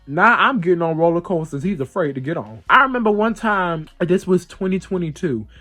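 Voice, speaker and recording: Animated storytelling man, slightly high voice. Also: fairly quick, soft background music. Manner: animated, playful, acts out the voices in his stories. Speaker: podcast host. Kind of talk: casual storytelling.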